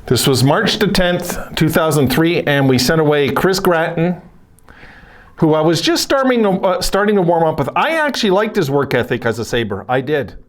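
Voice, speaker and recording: A man's voice: a little high, big pitch swings, moderate pace. Chatty man rambling about old trades. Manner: rambling, chatty, self-correcting, frequent asides. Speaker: hockey video host. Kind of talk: casual solo commentary.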